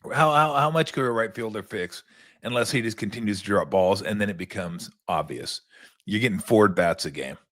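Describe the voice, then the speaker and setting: A man's voice: fairly low pitch, a little fast, a bit bright. An older man hosting a sports talk show, rambling in a casual monologue with profane, sarcastic asides.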